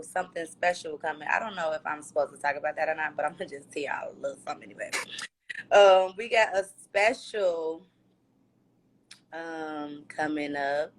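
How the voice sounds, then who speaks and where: A woman talking candidly in a loose, slangy way as the guest in a casual livestream chat on her phone. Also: lowish voice. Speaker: reality show star being interviewed.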